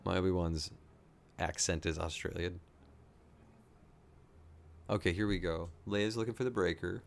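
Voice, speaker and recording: A man with a fairly low voice gives a casual running commentary as he reacts to what he watches. He thinks out loud and gushes freely, his excitement spilling into every remark. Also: measured pace, gravelly. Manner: excitable, thinking aloud, gushing. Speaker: reaction video host.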